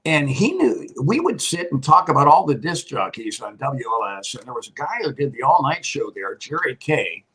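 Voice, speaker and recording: A man's voice: mid-range voice, very animated, moderate pace, hardly any pauses, fairly bright tone, husky, poor audio. An older man, a retired TV weatherman, telling long rambling anecdotes in casual chat and laughing often. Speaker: guest, retired TV meteorologist.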